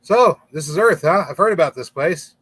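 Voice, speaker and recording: A man voicing a polite, puzzled space alien who asks baffled questions in a higher voice. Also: animated, normal speed, a bit bright, breathy edge, dry recording. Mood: curious.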